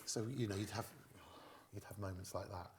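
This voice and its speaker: A low-pitched, middle-aged man appears as a guest comedian in an interview, telling stage anecdotes a little fast. He's a lively storyteller who acts out the lines he quotes.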